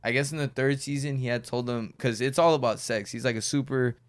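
A man's voice: mid-range voice, steady tone, fairly quick, no room sound. A man co-hosting a casual group podcast, bluntly arguing his side. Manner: blunt, argues it's just their job. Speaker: podcast co-host.

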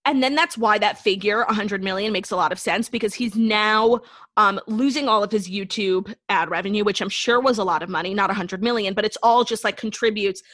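A woman's voice: medium pitch, a little fast, fairly bright tone, no echo. A young woman co-hosting a podcast in casual chat, opinionated and blunt, swearing offhand. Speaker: podcast co-host.

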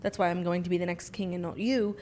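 A woman's voice: lowish voice, fairly even intonation, fast talker, darkish tone, a little hiss or hum, natural voice. A woman putting on a mock-as a haughty elder-brother prince, teasing in a comedy bit.

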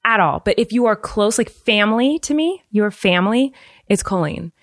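Bubbly, animated woman from the Kansas City area, casual podcast co-host, dry close sound. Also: normal speed, no room sound. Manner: bubbly and animated, jumps high in pitch when excited. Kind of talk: casual chat.

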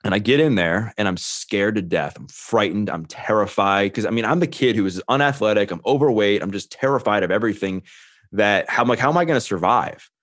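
A man's voice: lowish voice, brisk, a bit bright, dry recording, clean studio sound. A man in his thirties, a podcast guest, telling his own story earnestly and quoting the people in it. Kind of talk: candid storytelling.

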